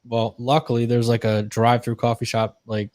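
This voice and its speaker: A man's voice: mid-range voice, monotone, normal speed, a little mellow, no echo. Grumbling, profane young man, dry sound. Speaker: podcast co-host. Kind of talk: casual chat.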